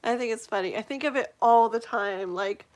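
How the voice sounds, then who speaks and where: Woman, forties, slightly high voice, tarot reader, casual livestream chat, rambling, giggly, lots of fillers. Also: moderate pace. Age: 40s.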